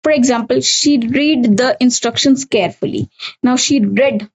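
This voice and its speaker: A woman's voice: fairly high pitch, moderate pace, a little mellow, breathy edge, dull audio. A woman with an Indian English accent teaching an English grammar lesson, explaining step by step, repeating key points and often saying "okay". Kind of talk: recorded exam-prep lesson.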